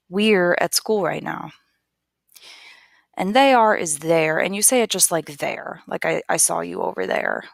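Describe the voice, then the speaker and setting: Slow, gravelly-voiced woman teacher. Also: on the low side, lively intonation, a bit bright, dry recording, studio quality. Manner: patient, repeats each word slowly for learners. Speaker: English teacher. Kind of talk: slow, careful classroom explanation.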